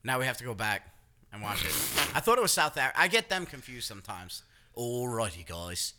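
A man's voice: mid-range voice, sing-song, quick pace, noisy background. A man co-hosting a casual podcast chat, rambling, laughing and dropping into silly voices. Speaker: podcast co-host.

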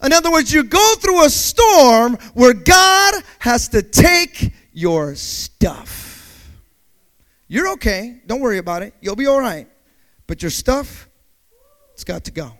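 A male preacher with a strikingly high voice that swings widely between soaring peaks and low, quiet asides. He tells his story dramatically, questions the listeners directly and acts out moments with vocal sound effects. His delivery stays animated and theatrical throughout. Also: slow pace. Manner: speaks directly to the congregation, asking questions. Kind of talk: sermon with personal storytelling.

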